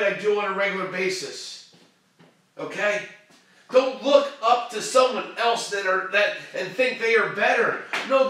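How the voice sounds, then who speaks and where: A man hosting a show and giving a fervent, preachy motivational pep talk that swings from shouting to hushed tones. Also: high voice, very echoey, distant mic. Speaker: motivational live-stream host.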